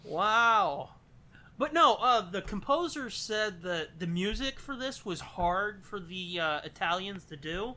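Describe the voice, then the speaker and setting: A man's voice: high-pitched, expressive, slow, bright, forceful tone. A man co-hosting a casual movie commentary, joking, swearing and laughing often. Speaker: podcast co-host.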